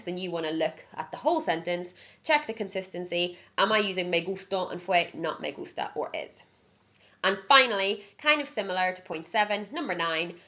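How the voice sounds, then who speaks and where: In this exam-prep language lesson, a Spanish teacher speaks in a fairly low, fairly bright voice. She explains things patiently, one step at a time, checking in often with "okay." The recording sounds dull and lo-fi.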